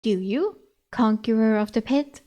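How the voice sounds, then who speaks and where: A woman's voice: fairly high pitch, unhurried, mellow, lo-fi sound, lightly acted. A woman voicing an earnest, literal-minded male dog in a novel she reads aloud, speaking bluntly and matter-of-factly. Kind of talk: reading a novel aloud with voices.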